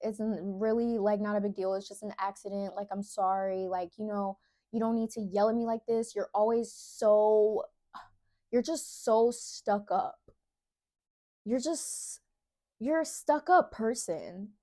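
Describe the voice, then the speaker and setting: A woman's voice: mid-range voice, measured pace, mellow, natural voice. A woman voicing a defensive young female friend who turns accusing.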